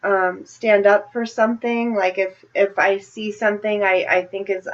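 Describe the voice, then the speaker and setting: A woman taking part in a group call, speaking softly and hesitantly. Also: mid-range voice, level tone, normal speed, dull audio. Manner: soft-spoken, hesitant. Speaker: workshop participant.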